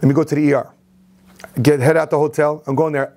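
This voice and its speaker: A man telling a personal story on his vlog as an entrepreneur, in an animated, repetitive way. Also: fairly high pitch, fast. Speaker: entrepreneur vlogger.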